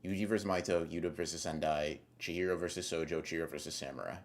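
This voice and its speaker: A man's voice: deep voice, fairly even intonation, very fast. A man streaming live, reading chat aloud and answering in a laid-back, slangy, rambling way, swearing casually now and then.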